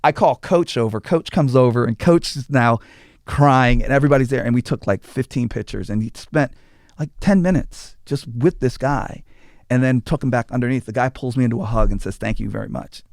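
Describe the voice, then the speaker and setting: A man's voice: medium pitch, a little fast, no echo, studio quality. A man telling stories in a casual interview, acting out quotes and restarting his sentences. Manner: animated storyteller acting out quotes, stammering restarts. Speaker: guest, former tour manager. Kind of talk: casual storytelling.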